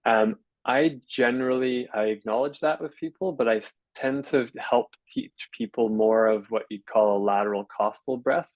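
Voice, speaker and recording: A physiotherapist explaining breathing in a measured way, often pausing with fillers and restarting his sentences. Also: mid-range voice, no room sound, lo-fi sound. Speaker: physiotherapist guest. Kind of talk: explanatory interview talk.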